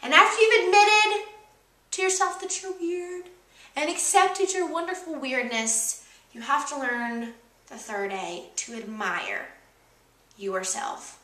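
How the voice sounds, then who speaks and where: A woman's voice: sits high, takes it slowly, pushed and bright, echoey room. A young woman co-hosting a motivational vlog, upbeat and emphatic, leaning on repeated key words. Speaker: co-host. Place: indoor room with a kitchen counter.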